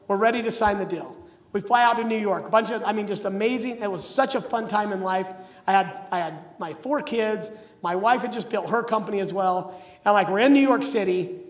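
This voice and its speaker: A middle-aged man telling stories as a motivational speaker at a live seminar, energetic and acting out the voices of the people he quotes. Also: sits high. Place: large seminar hall. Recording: echoey hall.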